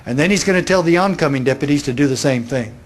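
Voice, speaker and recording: Man voicing a kindly sheriff, calm, polite, steady, reassuring, slightly high voice. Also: fast, close to an everyday voice. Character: calm, kindly male small-town sheriff.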